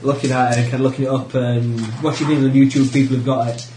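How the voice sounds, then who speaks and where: A man talks casually across a gaming table, rambling into animated anecdotes. His voice sits in a middle pitch. The room around him is roomy, with a faint hiss underneath. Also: quick pace. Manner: chatty, animated storyteller. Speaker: player.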